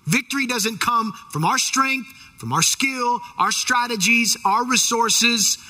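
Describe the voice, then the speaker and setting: A man preacher giving an animated sermon, emphatic as he retells scripture scenes. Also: very high-pitched, unhurried.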